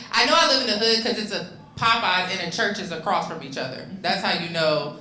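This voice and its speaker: A woman's voice: mid-range voice, normal speed, bright, forceful tone, roomy sound, poor audio. A young adult woman doing a stand-up comedy set on a club stage, loose and profane, talking casually with lots of ums and restarts.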